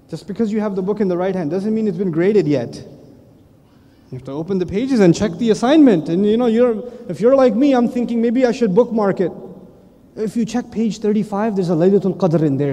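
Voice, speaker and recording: A middle-aged man preaching a lively sermon, often acting out the voices of the people in his stories. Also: sits high, a little fast. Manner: animated, playful, acts out voices. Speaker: Islamic preacher and teacher. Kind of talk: lively sermon with acted quotes. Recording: long reverb of a large hall.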